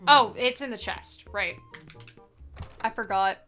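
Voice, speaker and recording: A young woman talks over her gameplay in a bright, slightly high voice, unhurried and rambling with plenty of "like" as she goes. Her tone is playful and casual, with faint game music under her voice. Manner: playful, rambling, lots of filler "like". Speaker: streamer playing a randomized adventure game.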